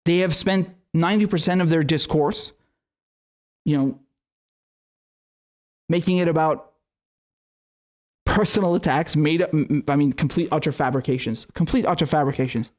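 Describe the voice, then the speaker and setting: A man's voice: on the high side, moderate pace, long pauses, darkish tone. A man hosting a live-streamed political commentary show, ranting in a heated, profane way.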